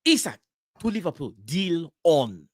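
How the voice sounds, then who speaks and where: A man's voice: fairly high pitch, sing-song, measured pace, no room sound, studio quality. A man mimicking a hyped football transfer reporter. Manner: overhyped exclusive announcements, stressing each word.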